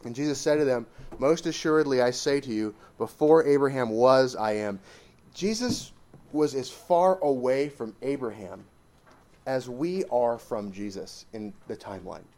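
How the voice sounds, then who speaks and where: A man's voice: mid-range voice, measured pace. Emphatic man preaching from scripture. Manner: emphatic, pushing the point hard, swinging between loud and hushed. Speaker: preacher addressing a church assembly. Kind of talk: sermon with scripture reading and commentary.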